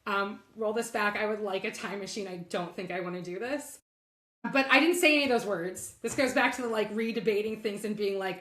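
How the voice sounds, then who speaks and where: A middle-aged woman telling a work story as a guest in a podcast interview, candid and animated, acting out bits of dialogue. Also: medium pitch, a little fast, reverberant. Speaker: guest, legal operations leader.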